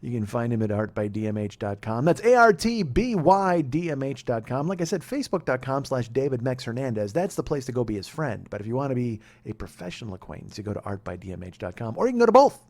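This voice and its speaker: A man's voice: mid-range voice, very animated, quick pace, few pauses, a little mellow. A man in his forties hosting a podcast, telling a comic story in a profane, exasperated, self-mocking way. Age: 40s. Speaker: podcast host.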